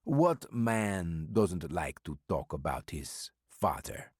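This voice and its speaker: A burly older foreign businessman with a thick, clipped Eastern European accent, as a man puts him on. He talks slowly and deliberately, keeping his cards close. The voice is deep and sits in a dry, close sound. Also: big pitch swings, breathy edge, no echo, heavily acted. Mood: cagey, insistent. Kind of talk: audiobook character voice.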